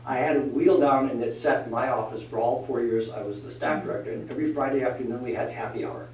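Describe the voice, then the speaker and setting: A man's voice: mid-range voice, quick pace. Older man telling stories in an echoey room. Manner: folksy, animated, acts out quoted voices. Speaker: speaker telling career stories to a church class. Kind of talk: anecdotal storytelling talk. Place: church classroom. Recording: echoey room from far off, dull lo-fi sound, faint noise.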